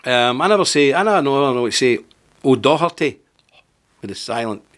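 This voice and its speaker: A man's voice: medium pitch, lively intonation, very fast, fairly bright tone. A man hosting a political commentary monologue, talking in an indignant, emphatic way and firing off rhetorical questions. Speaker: host.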